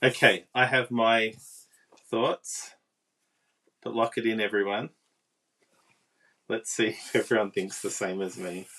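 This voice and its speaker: A woman's voice: very deep voice, flat delivery, unhurried, pauses often, fairly bright tone. A woman giving a casual, chatty live card-making demonstration and talking with viewers. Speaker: papercraft demonstrator.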